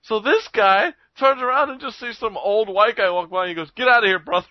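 A man's voice: high voice, expressive, brisk, dull audio. A young man telling a story in casual, rambling talk, swearing and laughing often.

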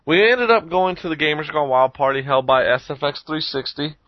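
A man's voice: on the high side, fairly quick, no room sound. Casual rambling young man, dull mic. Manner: rambling, profane, laughs often. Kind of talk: casual storytelling.

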